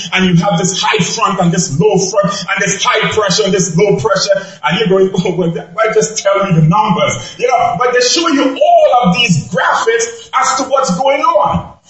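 Brief: male preacher, strikingly high voice, forceful and shouting, recorded far off in a very echoey room. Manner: emphatic, often shouting. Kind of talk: sermon. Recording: very echoey room, distant mic.

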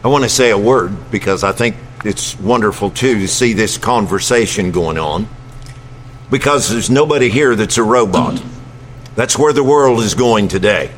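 A man's voice: on the low side, animated, normal speed, a little hiss or hum. A man adding an earnest, conversational comment during a Bible study. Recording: echoey hall with faint ambience.

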